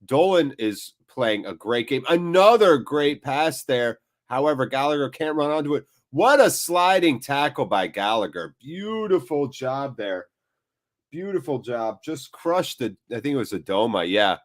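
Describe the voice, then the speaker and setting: A man hosts a live match watchalong with sniffly, blocked sinuses. He gives loose, chatty play-by-play that wanders into asides. His voice sits at a medium pitch. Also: very animated, a little slow. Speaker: host.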